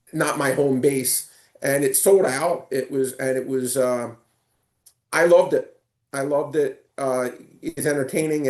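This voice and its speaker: A man on a casual sports podcast, telling animated stories with lots of stumbling restarts. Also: medium pitch, reverberant. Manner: animated storyteller, stumbling restarts and excited retelling. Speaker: guest.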